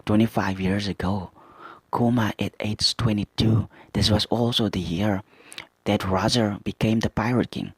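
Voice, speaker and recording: A man hosting a manga reaction, reading character lines aloud and commenting with excited asides. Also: fairly low pitch, unhurried, breathy edge, dry recording.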